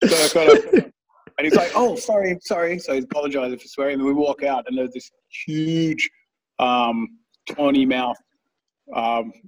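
A man's voice: mid-range voice, normal speed, far from the mic, low-quality recording. A man telling rambling stories in casual chat, swearing freely and laughing at his own tales.

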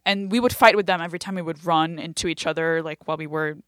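A young adult woman from Lebanon, a comedian guest telling stories in a casual, animated, self-deprecating way. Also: deep voice, fast talker, no room sound, clean studio sound. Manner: animated, self-deprecating storyteller who acts out quotes. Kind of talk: casual conversational storytelling.

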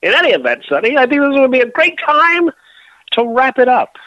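A man co-hosting a podcast in a theatrical, prim manner, dropping fussy exclamations and deadpan quips. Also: very high voice, brisk, no echo, muffled recording. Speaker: podcast co-host. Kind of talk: casual chat.

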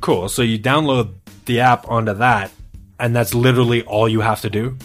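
A man's voice: mid-range voice, fairly even intonation, moderate pace, faint music behind. A man hosting a podcast in casual banter, teasing his co-hosts and laughing often. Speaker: podcast host.

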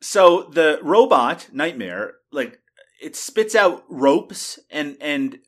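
A man's voice: on the high side, big pitch swings, slow pace. A man hosting a podcast, casually recapping a film scene by scene with plenty of profanity. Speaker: podcast host. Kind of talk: casual film review chat.

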